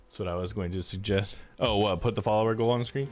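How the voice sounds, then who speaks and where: A man's voice: lowish voice, fairly even intonation, fast, darkish tone, faint music behind. A man live streaming a game, chatting casually with viewers, often swearing and laughing.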